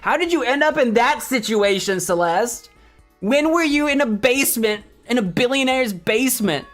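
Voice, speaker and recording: In casual let's-play commentary, a man with a very high, somewhat bright voice reacts to the on-screen action, laughing a lot and thinking aloud. His intonation is lively and his pace moderate. There's faint music in the background.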